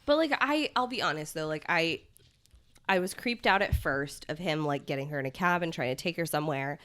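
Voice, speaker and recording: A woman's voice: sits low, lively intonation, fairly quick, fairly bright tone. A woman on a podcast in casual chat, frank and self-mocking.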